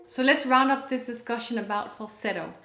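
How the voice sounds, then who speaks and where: Woman singing teacher geeking out on vocal registers, slightly high voice, room echo. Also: a little fast, bright, forceful tone, soft background music. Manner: enthusiastic, sings short vocal demonstrations. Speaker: vocal coach. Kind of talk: explaining singing technique to camera.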